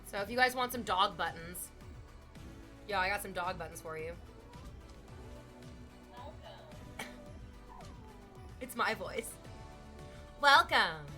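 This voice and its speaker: A woman's voice: medium pitch, moderate pace, sharp tone, faint music behind. A woman streaming from home, chatting casually with viewers in a playful, teasing way, swearing freely.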